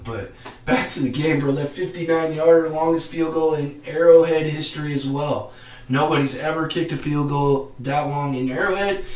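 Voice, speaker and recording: A man hosting a casual live-stream podcast, talking excitedly with slang and frequent laughter. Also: mid-range voice. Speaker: podcast host. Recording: roomy echo.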